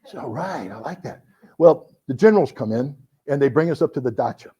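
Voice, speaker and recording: A middle-aged American man, an author at a book talk, tells anecdotes to his audience and acts out the people he quotes. His mid-range voice is husky and fairly quick, and his storytelling is animated.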